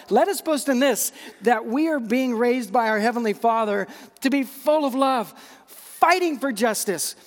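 A middle-aged man preaching a sermon as a pastor, talking in a loose, conversational way with asides and repeated words. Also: very high voice. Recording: long hall reverb.

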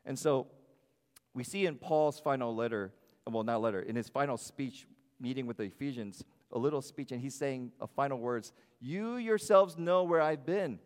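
A man's voice: mid-range voice, moderate pace. Man preaching in a reverberant hall. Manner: animated, varies loudness, acts out quoted voices. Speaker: pastor. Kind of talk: sermon. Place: church sanctuary.

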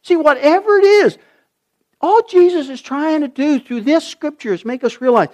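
Man, preacher, sermon, high-pitched, swings from shouting to hushed tones. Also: normal speed, highs cut off. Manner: animated preaching, rising to shouts, dropping to near whispers. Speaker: pastor.

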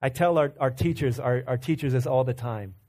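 A man's voice: mid-range voice, a little fast, darkish tone. A male pastor preaching a sermon in a conversational storytelling way, often repeating and restarting words as he builds to fervent points.

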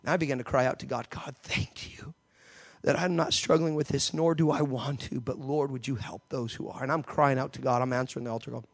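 A man preaching a sermon, telling an animated story and acting out the voices in it. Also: mid-range voice, fast, gravelly, few pauses.

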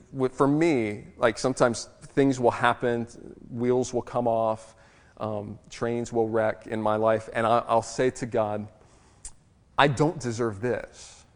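A man preaching a sermon to a congregation in a conversational, animated way, with self-deprecating asides. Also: medium pitch, big-room sound. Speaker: pastor.

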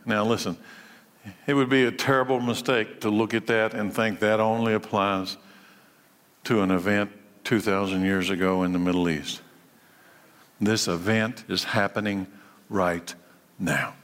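A man preaching a sermon, his voice surging high and loud at its peaks, then sinking low and quiet. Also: steady tone, normal speed, big-room sound. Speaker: pastor.

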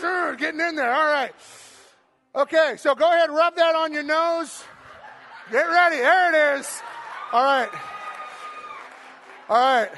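Man, very high voice, bright forceful tone, energetic stage host, shouting cheers, playful jokes. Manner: playful, joking asides. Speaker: church game host and speaker. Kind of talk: live stage talk to an audience.

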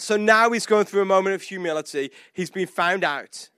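Lively high-voiced male preacher. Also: moderate pace, hardly any pauses, no room sound, studio quality. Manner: animated storytelling, acts out quotes, frequent "like". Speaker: pastor. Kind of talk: sermon.

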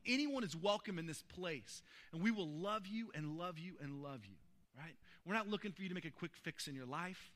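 A man's voice: fairly high pitch, a bit bright. A man preaching a sermon as a pastor, earnest and building to emphatic peaks while telling personal stories in a church.

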